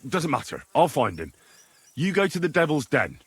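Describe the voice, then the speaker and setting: Dry weary young squire, husky voice, lively inflection. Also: male voice, fairly high pitch, normal speed, no echo. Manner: dry, exasperated. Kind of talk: video game voice acting.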